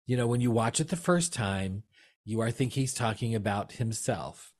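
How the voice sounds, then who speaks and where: A man with an ordinary, middle-pitched voice co-hosting a relaxed film-review chat. He rambles through his points, laughs often and keeps adding little apologies as he goes. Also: normal speed. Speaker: podcast co-host.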